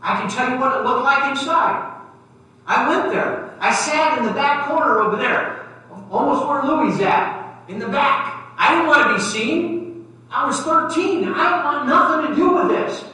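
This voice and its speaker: A man preaching a sermon, telling a personal story and acting out the dialogue, swinging between loud and soft. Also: very high voice, animated, a little slow. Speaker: pastor. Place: church sanctuary. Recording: very echoey church from far off.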